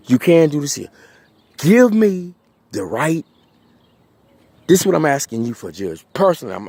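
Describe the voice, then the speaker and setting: A distraught man pleading to a judge in an agitated, halting appeal full of restarts. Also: mid-range voice, darkish tone, breathy edge, dry recording. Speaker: petitioner addressing a judge. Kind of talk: impassioned video appeal.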